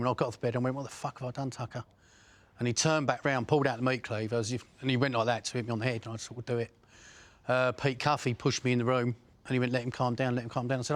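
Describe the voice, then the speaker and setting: A man's voice: medium pitch, no echo. A middle-aged man with an Essex accent, bluntly recounting crime stories, swearing and restarting often. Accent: Essex English. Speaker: interviewee.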